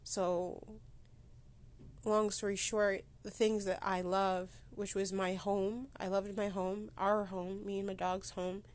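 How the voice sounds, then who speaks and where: A woman speaks on a personal solo podcast while holding back tears. Her pitch stays flat and level. She talks haltingly, breaking off and restarting her sentences. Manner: halting, with many restarts and pauses. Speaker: podcast host. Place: sitting against a board indoors.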